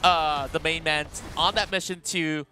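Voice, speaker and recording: Male esports caster, bright forceful tone, slightly high voice, faint music bed behind. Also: a little slow. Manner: animated, chatty play-by-play with frequent fillers. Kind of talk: live esports commentary.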